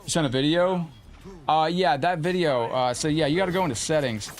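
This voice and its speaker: A man's voice: fairly high pitch, fairly quick, faint music behind. A man streaming a fighting game live, commenting on the match and chatting casually with viewers in the chat.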